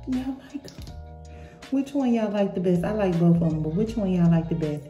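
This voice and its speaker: A woman's voice: medium pitch, normal speed, dark tone, roomy sound, dull audio, soft background music. A woman in her fifties vlogging casually, gushing and chatty as she talks straight to her viewers. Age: 50s. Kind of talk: casual vlog unboxing and travel chat.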